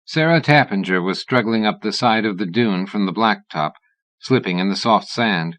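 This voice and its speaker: A man reading a horror novel aloud as an audiobook narrator, in a measured, even-toned way. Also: lowish voice, no echo.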